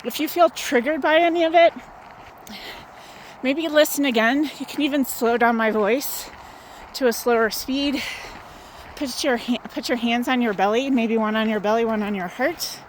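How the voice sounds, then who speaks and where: Woman wellness host, slightly higher voice, a bit winded, gentle encouraging pep talk on a phone outdoors, faint outdoor hum behind. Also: normal speed, poor audio. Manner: gentle, encouraging, guiding with questions. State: out of breath from walking. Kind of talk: motivational talk to viewers. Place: outdoors in the sun.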